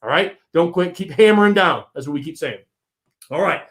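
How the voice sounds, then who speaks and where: A man with a rather high voice gives a pumped-up talk to his supporters. He speaks emphatically and returns to the same rallying lines over and over, like a host revving up his people. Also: brisk. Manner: energetic and emphatic, repeats rallying phrases. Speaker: host of a political movement channel. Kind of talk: fired-up pep talk to supporters.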